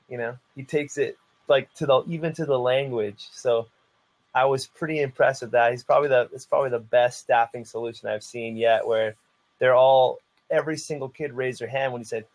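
A man's voice: medium pitch, a little fast, low-quality recording. A man who teaches martial arts, telling a story in a casual podcast chat and filling it with "like". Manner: animated storyteller, heavy use of "like".

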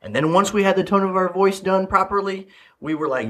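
A man's voice: high-pitched, a little fast, a bit bright. A man hosting a parenting podcast, telling childhood stories in a loose, chatty way with fillers and repeated phrases. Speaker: podcast host, leadership coach. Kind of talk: casual solo podcast talk.

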